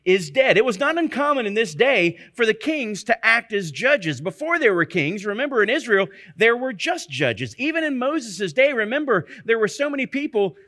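A man's voice: very high-pitched, sing-song, normal speed, few pauses, bright, forceful tone. A man teaching from the Bible in a conversational sermon, often checking in with his listeners through rhetorical questions. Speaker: preacher.

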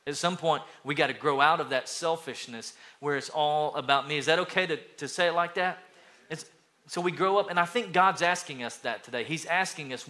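Bright-voiced man preaching a sermon. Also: fairly high pitch, a little fast. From East Tennessee. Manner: storytelling, acts out children's voices, lively. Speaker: pastor.

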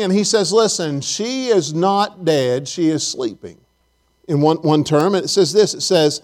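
A man's voice: a little high, darkish tone. A middle-aged man preaching to a congregation, reading scripture aloud and commenting on it, calling out for amens. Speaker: pastor. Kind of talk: sermon.

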